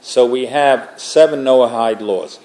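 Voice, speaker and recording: A man's voice: medium pitch, takes it slowly, darkish tone. A man teaching an informal religious class, talking conversationally and making joking asides to the group.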